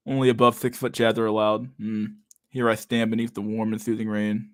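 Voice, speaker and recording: A man's voice: on the low side, smooth, dry recording, clean studio sound. A man in his thirties hosting a casual live stream, reading viewer comments aloud in a loose, profane way and saying "dude" a lot. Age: 30s.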